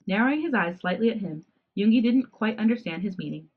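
A woman narrating a fan fiction story in a low, even tone on a podcast. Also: brisk, hardly any pauses, phone-quality sound.

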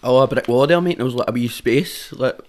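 A man's voice: medium pitch, fairly quick. A Glaswegian man, a rapper guest on a podcast, chatting in a laid-back way full of swearing and local slang. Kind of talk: casual chat.

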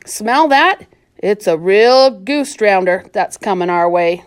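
A woman voicing a steady, patient young boy who speaks gently and plainly. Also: medium pitch, slow, smooth. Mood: practical. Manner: calm, patient, grumbling at times.

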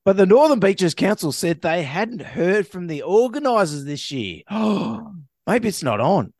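A man's voice: sits high, big pitch swings, a little slow, a little mellow, no room sound, clean studio sound. A man co-hosting a casual chat, reading news items aloud, playful and laughing often. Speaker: co-host.

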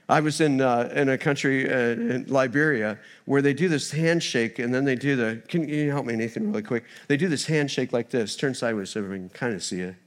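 A man preaching a sermon in a church as a guest speaker, a former missionary who tells funny stories in an animated way. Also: medium pitch, moderate pace. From United States. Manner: storytelling, humorous and animated.

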